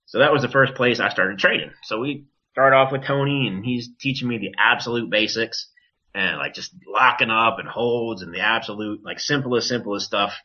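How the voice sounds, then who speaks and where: A man with a bright, forceful voice tells a story in a casual, animated way, cursing freely and mimicking others. The podcast audio is dull and lo-fi. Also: medium pitch, moderate pace. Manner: animated, profane, acts out quoted voices. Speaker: wrestler, podcast guest.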